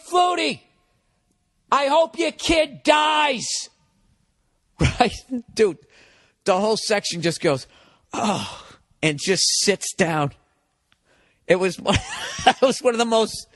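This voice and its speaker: Male comic podcast host, fairly high voice, loose and profane monologue, keeps interrupting himself and playing the other people. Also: a bit bright. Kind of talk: rambling comic storytelling monologue.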